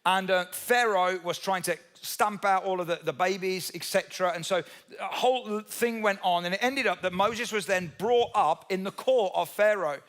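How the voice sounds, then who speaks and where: High-voiced man preaching a sermon. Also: normal speed, a bit bright. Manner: conversational, asks the audience questions; tells Bible stories with humorous asides. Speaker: pastor.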